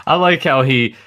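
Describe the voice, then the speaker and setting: A man co-hosting a podcast in casual chat, animated and hesitant with fillers. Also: mid-range voice, muffled recording. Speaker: podcast co-host.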